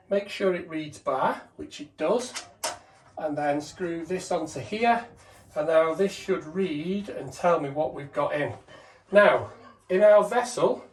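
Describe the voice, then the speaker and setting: A man's voice: on the high side, echoey room. A man who trains gas engineers, casually explaining each step of a boiler service while he works on it. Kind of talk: hands-on demonstration narration. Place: indoors beside a boiler.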